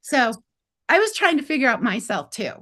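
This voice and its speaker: A woman's voice: fairly high pitch, sing-song, normal speed, sharp tone. A woman in her fifties from Arizona, a guest telling a personal story in a chatty way, often acting out what others said. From Arizona, USA. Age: 50s. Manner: chatty, acts out others' lines in quotes, many "like" fillers.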